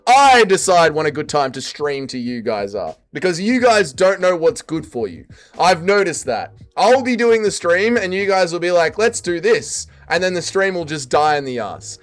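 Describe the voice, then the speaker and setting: Reading his chat aloud on a livestream, a young man from Australia chats casually at a moderate pace. His pitch swings widely as he alternates between loud quips and quiet mutters.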